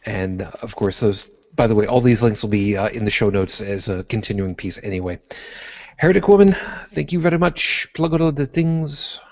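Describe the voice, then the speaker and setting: A man's voice: fairly low pitch, lively intonation, normal speed, darkish tone, dry recording, dull audio. A man hosting a casual podcast, thanking each guest in turn and stumbling over his words as he goes. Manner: rambling, repeats words when thanking guests. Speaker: host.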